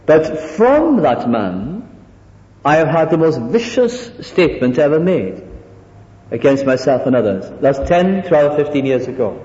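A high-pitched, very lively male preacher delivering a sermon, his voice swooping up and down as he drives points home. The recording is dull and lo-fi, with a long reverb hanging in a large hall. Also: measured pace. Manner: animated, drops to mimicking soft humble voices. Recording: echoey hall, dull lo-fi sound.

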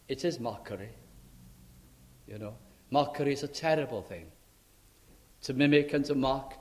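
A man preaching a sermon in a church, emphatic and dramatic, swinging between loud and soft. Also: medium pitch. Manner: emphatic, dramatic rises and drops in loudness.

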